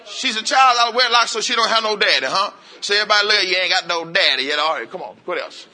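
A man preaching an interactive sermon, coaxing answers from the congregation and repeating phrases in quick call-and-response bursts. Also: high voice, bright, forceful tone. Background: congregation voices and laughter.

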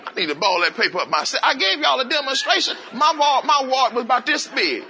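A man leads a lively, interactive sermon in a church, his voice pitched high for a man and sharply bright. He coaxes answers out of the congregation and fires off repeated phrases in call-and-response bursts. Faint congregation voices sit behind him. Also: fast talker, a faint crowd, a little hiss or hum. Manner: coaxing call-and-response, drawing answers from the room. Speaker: preacher. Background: congregation voices and laughter.

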